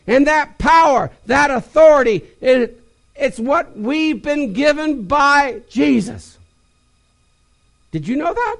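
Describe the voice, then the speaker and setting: High-voiced, lively man preaching. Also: takes it slowly, creaky. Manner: call-and-response, exclaims and repeats phrases. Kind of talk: sermon.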